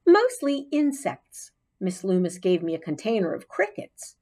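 A woman's voice: medium pitch, huge pitch swings. A woman doing a firm, patient schoolteacher. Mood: stern. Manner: brisk, gently scolding teacher voice.

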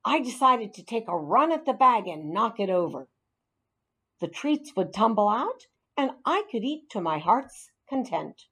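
Lively woman reading a storybook aloud. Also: a little high, unhurried, slightly rough. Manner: expressive, animated character reading. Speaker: narrator.

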